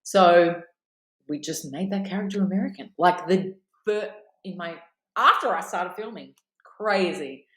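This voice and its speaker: A woman's voice: lowish voice, measured pace, reverberant, rough recording. An Australian woman guesting on a podcast, telling stories animatedly and acting out what others said. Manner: animated storytelling, acts out quoted voices. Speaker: actress, guest. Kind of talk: casual interview, anecdote telling.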